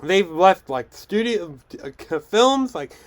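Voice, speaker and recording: Young male host, a touch high, clean smooth tone, stumbles and restarts as he chats. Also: big pitch swings, takes it slowly. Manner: rambling, frequent restarts and stumbles. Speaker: podcast host. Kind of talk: casual film news chat.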